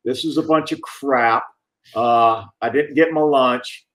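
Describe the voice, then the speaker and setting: A man's voice: medium pitch, takes it slowly, fairly bright tone. A man mimicking a weary, impatient police officer who grumbles. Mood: grumbling. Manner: grumbling, gruff. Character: weary, impatient male cop on a call-out.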